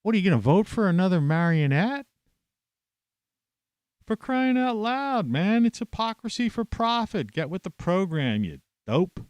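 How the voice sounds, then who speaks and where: A man's voice: sits high, big pitch swings, measured pace, a little mellow, clean tone, no echo. A man at home, ranting scornfully to camera with plenty of swearing. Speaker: vlogger. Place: at home, indoors in an old house.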